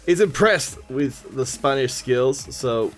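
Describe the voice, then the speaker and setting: A man's voice: medium pitch, expressive, slow, faint music behind. A man casting a mobile game stream, greeting chat viewers by name and joking at his own expense. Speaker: esports stream caster. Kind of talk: casual stream commentary.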